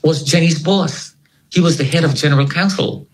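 As an interview guest, a man dramatically retells a gripping personal story, repeating words for effect. His voice is a little high and his pace moderate, and the recording quality is low.

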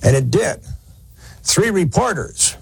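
A man's voice: high-pitched, very animated, slow pace, gravelly, breathy edge. A man telling a war history story in a folksy, conversational lecture style, stretching words for emphasis.

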